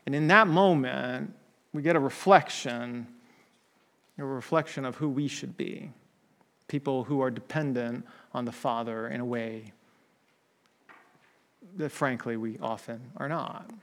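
A man's voice: mid-range voice, a little slow, long pauses, a bit bright, long reverb tail. A man preaching a conversational sermon, often checking in with "right?" and restarting his sentences.

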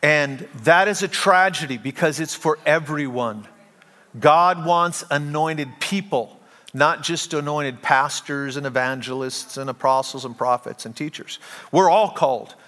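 Joking pastor in a reverberant church. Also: male voice, on the high side, unhurried, sharp tone. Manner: humorous storytelling, self-deprecating asides. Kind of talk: sermon. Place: church sanctuary.

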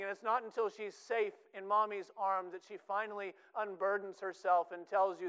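Earnest preacher, clear high voice. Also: male voice, level tone, normal speed, hardly any pauses, a bit bright, poor audio. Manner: earnest, repeats words for emphasis. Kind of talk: sermon.

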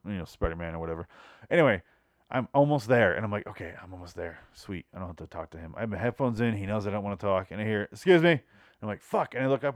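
Man, podcast host, rambling comic storytelling, swears a lot, exasperated, mid-pitched voice, dry close recording. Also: dry recording. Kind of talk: casual comedic storytelling.

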